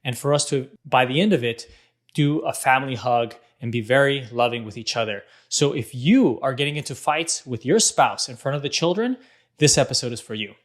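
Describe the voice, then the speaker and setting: A man's voice: medium pitch, brisk. A man in his thirties telling a family story in an earnest, casual vlog monologue. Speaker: parenting vlog host.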